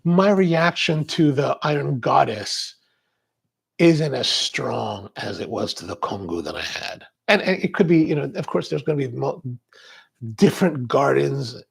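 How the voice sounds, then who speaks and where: A man's voice: medium pitch, expressive, measured pace, gravelly, breathy edge. A man hosting a coffee livestream, chatting casually and reading out viewer comments in a rambling, chatty way. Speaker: coffee show host.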